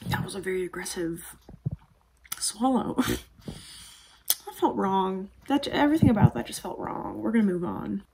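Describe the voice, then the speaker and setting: A woman chatting casually to her camera in a vlog, goofy and quick to poke fun at herself. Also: medium pitch, lively intonation, creaky, noisy background. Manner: chatty, goofy, self-mocking. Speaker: vlogger.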